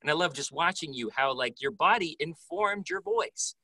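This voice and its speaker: A man's voice: fairly high pitch, expressive, moderate pace, pushed and bright, husky, no room sound, rough recording. A young man hosting a voice acting class session, responding with enthusiasm and promoting the upcoming course. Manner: enthusiastic, affirming. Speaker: host. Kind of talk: casual interview chat.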